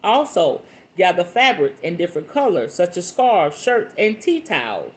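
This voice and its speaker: A podcast host with a fairly low voice reads from a book at normal speed. She's animated, stepping out of the text for casual, playful comments between passages.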